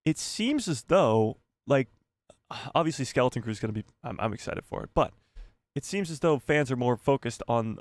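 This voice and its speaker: A man's voice: medium pitch, no room sound. A man hosting a live stream, chatting casually with viewers, joking and rambling with frequent laughs. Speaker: livestream host.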